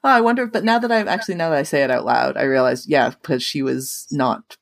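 A woman's voice: very deep voice, very animated, a little fast, gravelly, dry recording. Chatty woman podcast host, dry sound. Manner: chatty, lots of "like" fillers. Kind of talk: casual chat.

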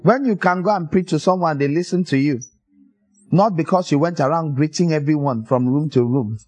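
A man preaching a sermon, telling stories in an animated way and acting out the people in them. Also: a little high, moderate pace, no echo, poor audio. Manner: animated storytelling, acts out voices with laughter.

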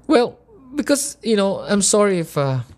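A woman's voice: mid-range voice, a little mellow. A woman preaching a sermon, impassioned and emotional, asking repeated rhetorical questions.

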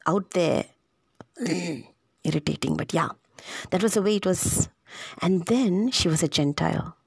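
A woman's voice: on the low side, gravelly, husky, no room sound. A woman giving an informal, conversational scripture reflection, thinking aloud and repeating words as she goes.

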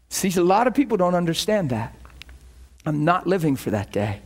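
A man's voice: sits high, normal speed. A male pastor delivering a sermon, telling a personal story with frequent laughter and voicing quoted people. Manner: animated, laughs often, voices quoted people.

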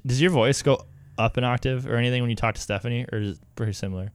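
A young man in his twenties co-hosting a podcast, chatty and quick to laugh, with lots of fillers. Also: mid-range voice, smooth, no echo. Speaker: podcast co-host. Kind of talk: casual chat.

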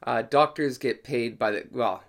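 A young man from Canada with a husky, sick voice, hosting a casual solo podcast, rambling and joking with casual swearing. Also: medium pitch, unhurried. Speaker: podcast host.

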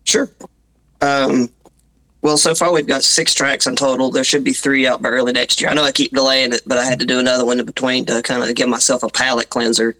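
A man's voice: mid-range voice, little pitch movement, a little fast, pushed and bright, poor audio. A man with a Southern Appalachian accent, a musician being interviewed, talking casually with restarts and self-deprecating asides. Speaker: musician guest.

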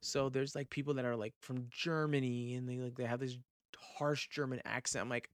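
Man, podcast host, mid pitch, loose rambling talk, swears freely, very dry close sound. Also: steady tone, moderate pace, no echo. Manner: rambling, swears, trails off into fillers. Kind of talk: casual chat.

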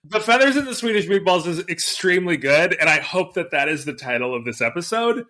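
Lively bright-voiced man recapping a show. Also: high voice. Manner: animated, quick bursts, acts out quotes. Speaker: podcast co-host. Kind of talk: casual recap chat.

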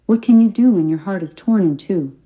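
A woman's voice: mid-range voice, a little fast, warm tone, rough recording. An older woman reading her own memoir aloud in an earnest, devout testimonial manner. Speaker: memoir author and narrator.

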